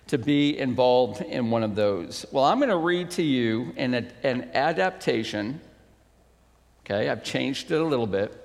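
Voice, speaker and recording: A man preaching a sermon as a pastor, then reading a story aloud with expressive, unhurried storytelling. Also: vocal fry, in a large hall. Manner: unhurried, expressive storytelling with wide pitch swings.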